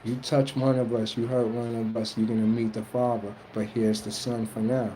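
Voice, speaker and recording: With flat delivery at a moderate pace, a mellow-voiced streamer responds to chat about spiritual journeys on a low-quality, slightly humming recording. He rambles in a colloquial, earnest way and quotes others using high mock voices.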